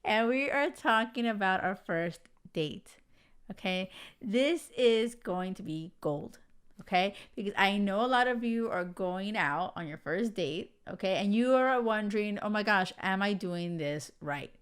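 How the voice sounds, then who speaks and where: A young woman hosting a podcast, talking emphatically and excitedly, swearing freely. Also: medium pitch, measured pace, clean tone. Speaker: podcast host. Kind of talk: casual podcast chat.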